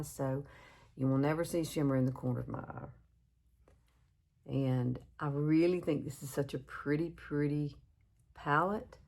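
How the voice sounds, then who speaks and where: A Southern woman from Alabama in her fifties, chatting casually through a makeup tutorial and laughing at herself often. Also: low-pitched. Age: 50s. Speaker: beauty vlogger.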